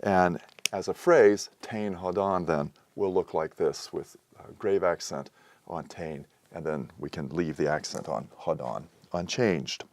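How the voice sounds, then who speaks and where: A man explaining a language lesson in a measured way, pausing often with "uh" as he works through examples. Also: low-pitched, a little mellow. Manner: measured, explanatory, with frequent "uh" pauses. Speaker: teacher. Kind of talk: recorded lecture.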